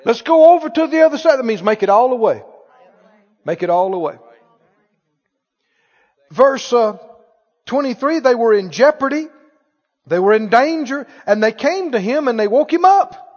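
A man's voice: extremely high pitch, animated, measured pace, long pauses, darkish tone. A man preaching a sermon, asking playful rhetorical questions with emphatic delivery. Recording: echoey hall, dull sound.

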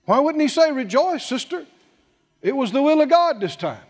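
A man with a very high-pitched voice preaches a sermon, his pitch rising and falling in wide swings. He talks emphatically and keeps asking rhetorical questions. His voice rings with a long reverb, as in a large hall. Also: big pitch swings, moderate pace. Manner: emphatic, with rhetorical questions and repeated scripture phrases.

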